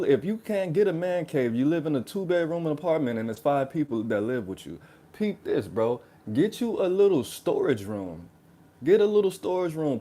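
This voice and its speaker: Mellow-voiced man ranting in slang. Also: fairly high pitch. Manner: slangy, ranting, keeps saying "bro"; animated, sarcastic mocking. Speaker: reaction channel host. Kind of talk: reaction video commentary.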